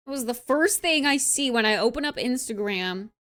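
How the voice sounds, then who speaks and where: A young adult woman streamer in casual chat, reading and answering her live chat, bubbly and animated and often saying "like". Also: on the high side, moderate pace, few pauses.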